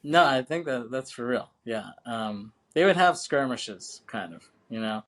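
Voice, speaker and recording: A man co-hosting a casual film podcast, speaking at an ordinary middle pitch. His talk is loose and chatty, full of laughter, swearing and "you know what I'm saying.". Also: expressive, measured pace, a bit bright. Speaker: podcast co-host.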